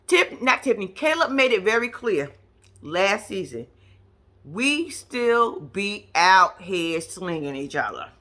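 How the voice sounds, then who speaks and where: Brash, bright-voiced woman ranting. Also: medium pitch, slow. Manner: brash, profane, animated storytelling. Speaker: reality TV commentator. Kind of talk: casual reaction commentary.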